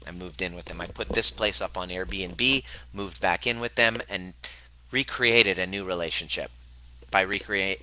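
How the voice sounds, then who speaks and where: A man's voice: pushed and bright, rough recording. A man in his forties giving a motivational self-help talk as host and coach, speaking bluntly and swearing freely. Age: 40s. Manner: blunt and profane, with emphatic, swooping pitch.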